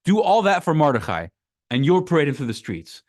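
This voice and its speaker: A man voicing an excitable, blunt ancient king while retelling a story. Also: fairly high pitch, brisk, pitched above the performer's own voice. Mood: eager. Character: impulsive ancient king, male.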